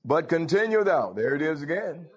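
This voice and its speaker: A man's voice: fairly high pitch, very animated, normal speed, slightly rough. Man preaching a fervent sermon. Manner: scripture-quoting, call-and-response exclamations.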